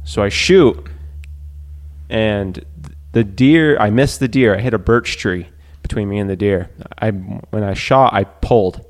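Animated low-voiced man telling a story. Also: measured pace. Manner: animated storyteller, acting out the moment. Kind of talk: casual storytelling.

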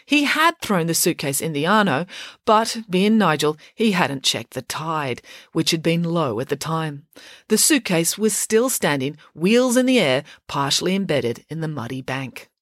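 A woman author reading her children's mystery story aloud for a podcast, clear and expressive. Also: sits low, measured pace, dry recording, studio quality. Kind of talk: storybook narration.

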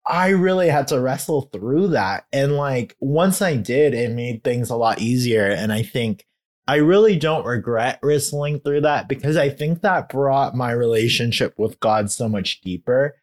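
A young man in a candid conversation about faith, talking in a halting, heartfelt way with many fillers and growing emotional. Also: medium pitch. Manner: grows emotional while talking. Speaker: guest.

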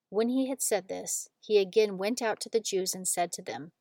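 A woman reading scripture aloud in a measured, solemn narration. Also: medium pitch, a little mellow, no room sound. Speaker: scripture reader.

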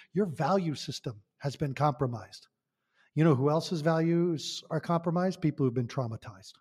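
A man's voice: a little high, a little mellow, breathy edge, big-room sound. A man talking as a podcast guest, passionate and emphatic, asking rhetorical questions. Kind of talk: conversational podcast talk.

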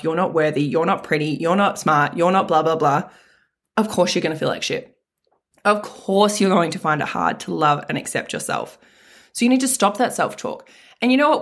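Here a self-help podcast host speaks in a fairly low, fairly bright voice. Her motivational talk is blunt and casual, sprinkled with mild swearing and heavy, emphatic repetition of key phrases.

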